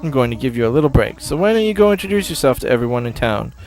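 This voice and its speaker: A man's voice: medium pitch, big pitch swings, rapid-fire, a little mellow. A man voicing a friendly raccoon shopkeeper in a game, giving chummy, instructive advice.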